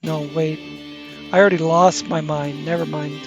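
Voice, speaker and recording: A man's voice: fairly high pitch, little pitch movement, a little slow, over music. A man hosting his gaming channel, rambling through gameplay commentary with self-corrections and crude asides. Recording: game vehicle engine noise underneath.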